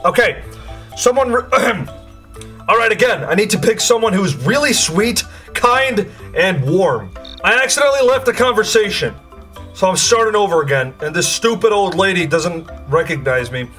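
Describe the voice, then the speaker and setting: Excitable young man doing game commentary. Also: sits high, moderate pace, soft background music. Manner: excitable, crude jokey banter. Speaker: gaming video host. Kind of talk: gameplay commentary.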